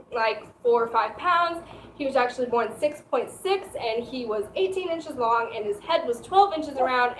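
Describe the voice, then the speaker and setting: A young woman telling a personal story in a casual, chatty way, laughing often and saying "like" a lot. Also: on the high side. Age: young adult. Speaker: vlogger. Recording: echoey room with faint noise.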